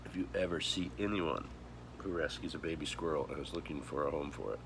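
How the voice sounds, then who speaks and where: A grieving man with a voice of extreme depth and a gravelly rasp speaks slowly and haltingly, starting over again and again. He sounds choked up. Steady background noise sits under his voice. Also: extremely low pitch. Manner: heavy, halting, with many pauses and restarts. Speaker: vlogger. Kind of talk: grieving personal vlog.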